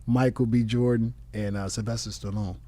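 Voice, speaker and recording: A man's voice: on the low side, level tone, normal speed, mellow. A comedian guest on a podcast, a man telling a loose, profane anecdote with quoted voices in casual chat. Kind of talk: casual storytelling. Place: podcast studio.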